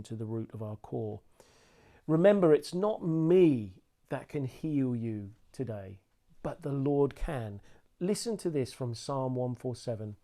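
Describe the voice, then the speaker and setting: Man, sermon, earnest, mellow warm tone, slows for scripture. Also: medium pitch. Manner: earnest, slows right down to read scripture aloud. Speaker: preacher.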